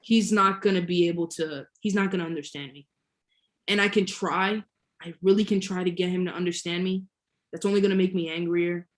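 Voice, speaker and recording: A woman's voice: fairly low pitch, fairly even intonation, brisk. A young woman, a guest entrepreneur, telling a story in a casual interview, laughing often and stretching key words. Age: young adult.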